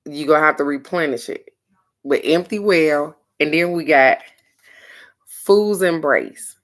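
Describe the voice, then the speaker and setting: A middle-aged woman gives a casual card-of-the-day reading in a low voice. She talks slowly and takes her time. Her manner is frank and earnest, with the odd curse word. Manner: frank, earnest, occasionally profane. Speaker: oracle card reader.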